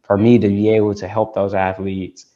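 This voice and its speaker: A man's voice: lowish voice, little pitch movement, normal speed, mellow. A man from Detroit, a tech founder being interviewed, talking casually and rambling with lots of "like" and restarts. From Detroit, United States. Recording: dull lo-fi call audio.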